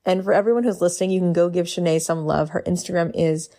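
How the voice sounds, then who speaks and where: A woman's voice: fairly low pitch, steady tone, quick pace, mellow. A woman closing a podcast episode, encouraging and praising her guest. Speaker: podcast host. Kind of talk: podcast outro.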